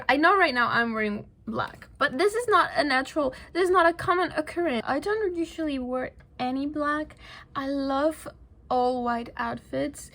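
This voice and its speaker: A young woman with a slightly high voice rants casually to camera. English is not her first language, and her talk is chatty and animated, with quick laughs and asides that drop to a whisper. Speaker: vlogger.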